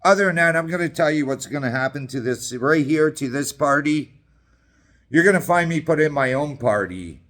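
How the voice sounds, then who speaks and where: A man's voice: a little high, animated, moderate pace, a bit bright. Angry, profane man ranting. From Canada. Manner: profane, combative, sarcastic. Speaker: political activist. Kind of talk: angry political rant.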